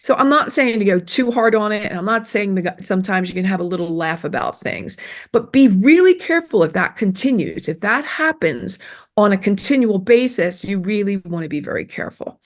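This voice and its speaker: A middle-aged woman, mid-range in pitch, speaks briskly with lively intonation while giving heartfelt self-esteem advice during an interview. She stresses her points, repeats herself, and often restarts or fills gaps with fillers.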